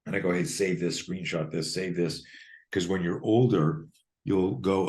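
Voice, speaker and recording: A man's voice: sits low, a little slow. A man in his fifties, a fear and self-defense coach, telling stories in a podcast interview and acting out both sides of the conversations. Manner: animated storyteller acting out dialogues.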